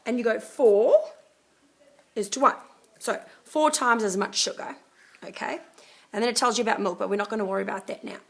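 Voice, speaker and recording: A woman with a croaky, gravelly voice walks students through a math problem. Her pitch sits a little high, and she explains each step in a chatty, casual way, checking in with "okay" as she goes. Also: fairly quick, pauses often. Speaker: math teacher.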